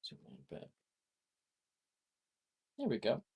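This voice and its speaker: The game master narrating a tabletop game over a video call, with lots of pauses and fillers. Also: dark tone. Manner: unhurried, filler-heavy narration.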